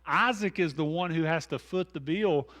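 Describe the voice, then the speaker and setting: A man's voice: fairly high pitch, moderate pace, fairly bright tone. Folksy pastor man teaching. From American South. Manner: folksy, conversational, with asides and self-deprecating humor. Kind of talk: Bible study teaching.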